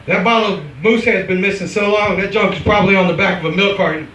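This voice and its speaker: A man's voice: high-pitched, fairly even intonation, quick pace, fairly bright tone, slight background noise. Brash man doing stand-up. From American Midwest. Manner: brash, punchline-driven delivery. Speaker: stand-up comedian. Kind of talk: open mic stand-up set. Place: bar at an open mic. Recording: echoey bar from far off.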